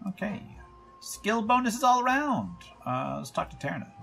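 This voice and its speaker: A man's voice: high-pitched, very animated, moderate pace, gravelly, sharp tone, soft background music. A man hosting a game playthrough, reading the game text aloud with casual asides. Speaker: let's-play host.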